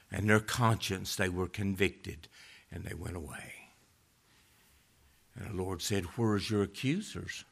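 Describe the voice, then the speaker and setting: A man preaching a sermon, reading scripture and rising to loud emphatic peaks before dropping low again. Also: steady tone, a little slow, gravelly.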